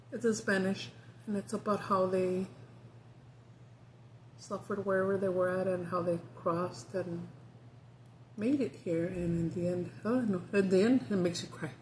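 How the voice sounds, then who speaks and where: A woman's voice: fairly low pitch, darkish tone, a little hiss or hum. A woman chatting casually as a vlogger, talkative, swearing freely and laughing often. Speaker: mukbang vlogger. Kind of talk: casual chat.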